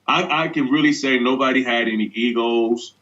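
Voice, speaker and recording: A man's voice: medium pitch, moderate pace, fairly bright tone. A male actor as an interview guest, telling anecdotes in a laid-back way and laughing often. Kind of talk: relaxed interview storytelling. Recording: dull lo-fi sound.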